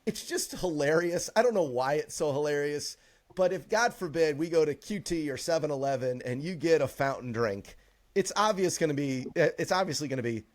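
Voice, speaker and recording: A man co-hosting a podcast in casual chat, excited, laughing often and quoting movie lines with gusto. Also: fairly high pitch, normal speed. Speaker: podcast co-host.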